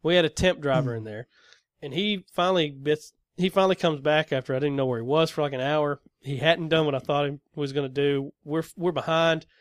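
A man rattles off a story at a quick clip in a fairly high voice, swearing freely and acting out both sides of an argument. The sound is close and dry, with no room around it. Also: dry recording. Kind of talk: casual conversation.

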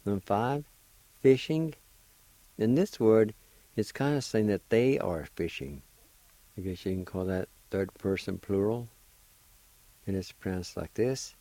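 Here the same kind of radio lesson comes from a man with a lowish, mellow voice who talks a little slowly and leaves long pauses. The rough recording carries no echo. He teaches Cherokee words, patiently spelling them out and sounding each syllable.

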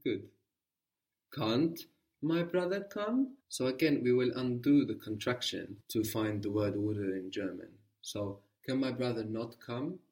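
A man's voice: medium pitch, lively intonation, unhurried, a little mellow, far from the mic. A man teaching a guided language lesson, patiently prompting his student with questions.

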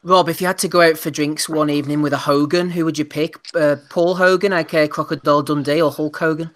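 A man hosting a podcast, briskly running through upcoming fight cards in casual chat. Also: on the high side, steady tone. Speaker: podcast host.

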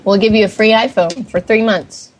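A woman's voice: medium pitch, steady tone, moderate pace, a little hiss or hum. A woman making a prank phone call as a phone company rep, brash, abrupt and profane.

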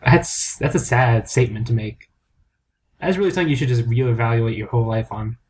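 A man's voice: mid-range voice, fairly quick, a little mellow. Male podcast co-host; playful teasing, loose joking banter. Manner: riffing, teasing, mock-dramatic announcer bits. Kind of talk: casual banter.

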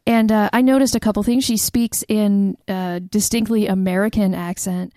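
A woman's voice: medium pitch, fairly even intonation, normal speed, mellow, no room sound, studio quality. A woman interviewing a guest, asking curious, chatty questions. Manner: curious, chatty, self-described nerdy.

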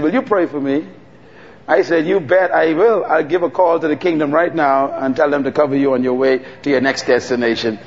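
A man preaching a sermon, telling stories with dramatic pauses and calling out to the congregation. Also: a little high. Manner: animated storytelling with dramatic pauses and call-and-response. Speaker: pastor. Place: church hall. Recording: dull sound with long hall reverb.

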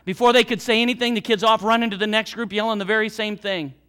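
A middle-aged male pastor with an American Midwest accent, preaching an animated sermon that swings between soft and loud. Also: quick pace, clean tone. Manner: animated preaching with big swings in loudness and pitch.

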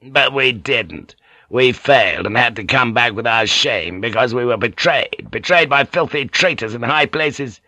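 A man's voice: medium pitch, fairly even intonation, normal speed, sharp tone, no echo, voice pushed up, lightly acted. A man reading an audiobook, voicing a ferocious, bitter middle-aged samurai lord with a menacing, clipped manner. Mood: brooding, menacing.

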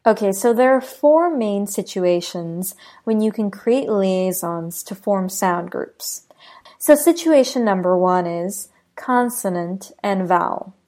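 A woman teaching pronunciation, speaking deliberately and repeating each example for practice. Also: medium pitch, lively intonation, dark tone. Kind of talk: scripted pronunciation lesson.

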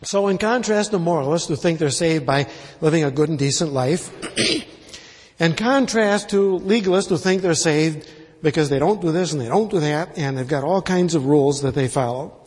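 A man preaching a sermon as pastor, emphatic and repetitive, pausing with many fillers. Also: fairly high pitch, a little mellow, slightly rough. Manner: emphatic, repeats words for stress, many uh fillers. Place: church sanctuary. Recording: long hall reverb.

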